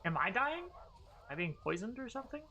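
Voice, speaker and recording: A woman's voice: fairly high pitch, sing-song, fairly quick, bright, forceful tone, lo-fi sound, slight background noise. A woman streaming a game, chatting casually with a playful, sarcastic manner and loose swearing. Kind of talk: casual gaming stream chat.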